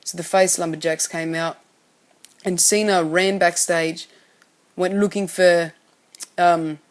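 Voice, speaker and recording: A man's voice: high voice, steady tone, slow pace. A man giving a casual spoken recap of a wrestling show, rambling and often correcting himself as he goes. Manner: rambling, frequently self-correcting.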